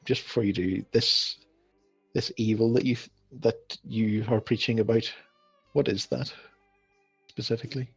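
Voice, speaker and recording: A man voicing a large, earnest half-orc who speaks sincerely in a slow, halting way. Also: fairly low pitch, fairly even intonation, vocal fry, breathy edge, no echo, faint music behind, full character voice.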